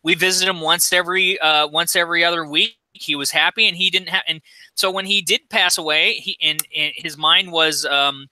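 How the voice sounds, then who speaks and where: A man's voice: fairly high pitch, fairly even intonation, moderate pace, sharp tone, no echo. A middle-aged man in casual chat on a podcast, ranting with a lot of swearing. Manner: profane, ranting. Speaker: podcast co-host. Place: recording studio.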